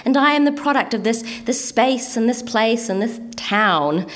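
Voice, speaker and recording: A woman with an Antipodean accent performing her own spoken word poetry in a rhythmic, measured delivery with deliberate pauses, and chatting casually and hesitantly between pieces. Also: fairly high pitch, lively intonation. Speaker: poet reading her own work.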